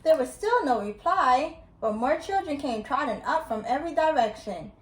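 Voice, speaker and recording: Calm woman storyteller, high voice, echoey room. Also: normal speed. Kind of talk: children's story reading. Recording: roomy echo.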